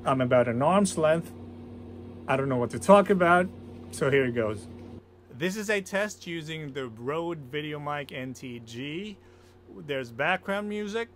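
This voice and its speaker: A man's voice: a little high, expressive, a little slow, a little hiss or hum. A man casually testing and reviewing a microphone, talking in a plain, matter-of-fact way with small fillers. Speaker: gear reviewer. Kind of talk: casual mic test and review. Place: outdoors, then indoors at a computer. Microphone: shifting between phone and shotgun mic at varying distances.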